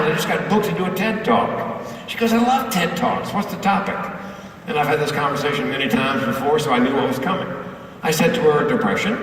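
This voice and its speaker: In a large conference hall, a public speaker and comedian delivers a keynote, telling a story with punchy comic timing. His voice is fairly high and a bit bright, captured by a distant mic with hall echo and faint room noise.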